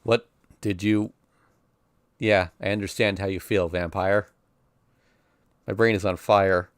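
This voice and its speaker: A man's voice: low-pitched, steady tone, takes it slowly, clean tone, no room sound, clean studio sound. A man streaming, reading a visual novel aloud in an intense, emotional first-person narration.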